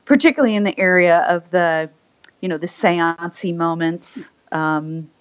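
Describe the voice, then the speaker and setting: Woman with a low, muffled voice. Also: measured pace. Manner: rambling, many fillers and restarts. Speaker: voice actor guest. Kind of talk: casual interview chat. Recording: slightly muffled lo-fi audio.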